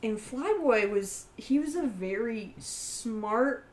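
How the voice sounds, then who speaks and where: A woman's voice: fairly high pitch, animated, takes it slowly, darkish tone. A woman game master and podcast co-host, retelling a game story in casual chat, telling it with lots of quoted asides. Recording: echoey room.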